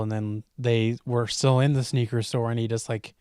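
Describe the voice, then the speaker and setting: A man's voice: mid-range voice, little pitch movement, normal speed, a little mellow, clear, resonant tone, dry recording, clean studio sound. A man co-hosting a casual podcast, joking and recapping stories with crude humor. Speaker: podcast co-host.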